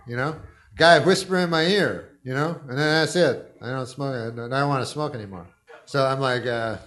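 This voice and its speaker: A middle-aged man doing a deadpan stand-up routine, rambling with halting asides and trailing fillers. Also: mid-range voice. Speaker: stand-up comedian.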